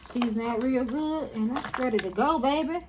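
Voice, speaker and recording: A woman's voice: high voice, moderate pace, background noise. Chatty woman cooking at home. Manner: chatty, talks to viewers as y'all and baby. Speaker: cooking vlogger. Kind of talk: casual cooking tutorial. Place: home kitchen.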